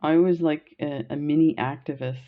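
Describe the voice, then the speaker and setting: A woman's voice: low voice, steady tone, normal speed, phone-quality sound. A woman from Canada who tells stories in a chatty, rambling way while beading, often laughing. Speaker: beading vlogger. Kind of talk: casual storytelling while beading.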